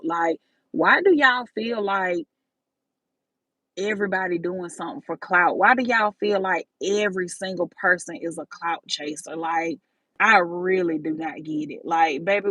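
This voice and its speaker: A woman's voice: fairly low pitch, fairly bright tone, no echo, low-quality recording. Woman on a phone livestream, dry sound. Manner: talks straight to viewers, calls them baby and y'all. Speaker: livestream host. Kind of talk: casual livestream chat.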